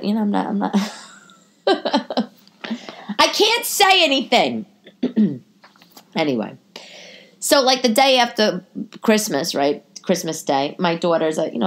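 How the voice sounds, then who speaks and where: A woman in her forties with a stuffy nose, talking casually to her podcast listeners at home as a comedian host, rambling through tangents and self-corrections, her voice jumping up in pitch for emphasis. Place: living room at home.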